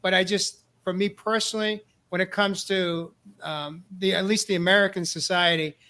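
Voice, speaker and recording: A man's voice: sits high, steady tone, normal speed, pushed and bright. A male host talking earnestly in a casual discussion, often repeating words as he starts a thought. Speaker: podcast host. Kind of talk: casual talk show discussion.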